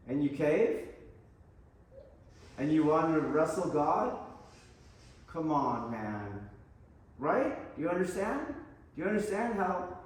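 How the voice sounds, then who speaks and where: A man teaching an aikido class, blunt and profane, pressing his students with challenging questions. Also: a little high. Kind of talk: mat-side teaching talk. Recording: very echoey hall, voice from far off.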